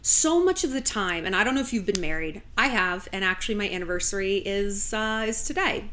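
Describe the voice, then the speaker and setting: Chatty, sarcastic woman with a lively voice. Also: medium pitch, brisk, a little hiss or hum. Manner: chatty, sarcastic, swears freely. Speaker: vlogger. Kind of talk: casual to-camera chat. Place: home.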